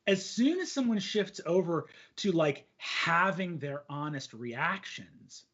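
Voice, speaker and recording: Male host, high husky voice, lively rambling delivery, dull lo-fi recording. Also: measured pace, hardly any pauses. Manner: animated, rambling with many fillers. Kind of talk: casual conversation on storytelling.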